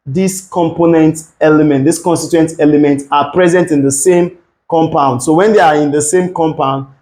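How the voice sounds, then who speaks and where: A man's voice: a little high, darkish tone, slight background noise, low-quality recording. Young man, chemistry tutor, methodical, repetitive, exam-prep lesson. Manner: methodical, repeats key points.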